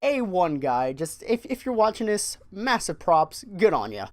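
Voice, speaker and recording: A young man telling a story on his vlog, animated and profane, often repeating words as he gets excited. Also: high-pitched, measured pace. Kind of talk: casual storytime monologue.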